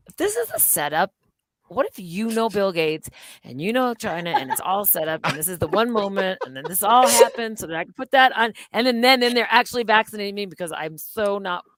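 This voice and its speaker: A middle-aged woman, a podcast guest, chatting casually in an animated, rambling, jokey way with many restarts. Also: mid-range voice, a little fast, dry recording.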